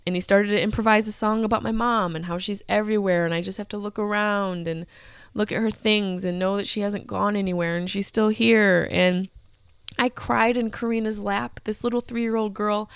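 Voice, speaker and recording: A woman's voice: medium pitch, no echo, clean studio sound. A woman in her thirties telling a personal story as a podcast host, candid, emotional and full of swearing. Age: 30s.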